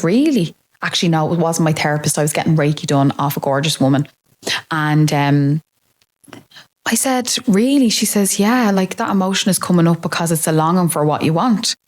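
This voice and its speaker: A woman in her late thirties, possibly, talking openly and reflectively about her own life as a podcast host. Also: fairly low pitch. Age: 30s. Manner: open, reflective, confiding. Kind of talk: candid personal monologue.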